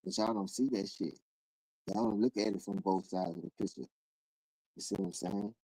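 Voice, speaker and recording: A man hosting a live call-in show, riffing in rough, profane street talk. His voice sits dark and mellow most of the time, then leaps into sudden high bursts whenever he acts out someone else. The sound is dry, with no room echo. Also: huge pitch swings, moderate pace. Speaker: livestream host. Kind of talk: casual ranting commentary.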